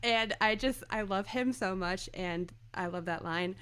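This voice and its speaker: Young woman, podcast co-host, casual fan chat, bright tone, laughs often. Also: medium pitch, unhurried, clean tone. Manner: giggly, quotes lines in character voices.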